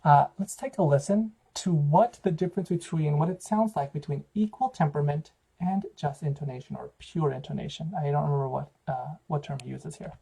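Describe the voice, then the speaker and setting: Choir director type, man, gravelly mellow voice, patient explainer, lecture delivery. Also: a little high, a little fast, few pauses, rough recording. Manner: explanatory, counts out intervals, frequent fillers. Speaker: choral director giving a lecture. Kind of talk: music theory lecture.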